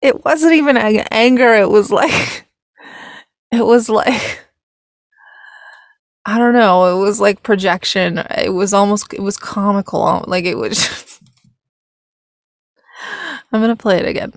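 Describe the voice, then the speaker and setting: A woman's voice: medium pitch, a little slow, pauses often, no room sound, studio quality. A tired woman hosting a casual film reaction video, rambling, laughing and correcting herself as she goes.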